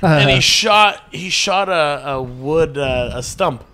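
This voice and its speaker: A man's voice: on the high side, slow pace. Swearing man telling rambling stories. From small rural American town. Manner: rambling, heavy swearing, lively acted-out quotes. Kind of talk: casual profane storytelling.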